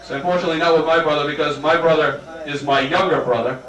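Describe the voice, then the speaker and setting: A man's voice: a little high, fairly even intonation, fast talker, a bit bright. A man doing a wry, self-mocking stand-up set, chuckling through his lines. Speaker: stand-up comedian. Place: small comedy club. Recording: roomy club from far off, crowd laughing.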